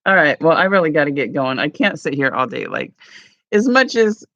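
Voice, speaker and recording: A woman's voice: low-pitched, big pitch swings, a little fast, gravelly, a bit bright, no room sound. A woman rambling casually at home for her morning vlog, with lots of "like" and "you know.". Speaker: vlogger. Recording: dull lo-fi sound.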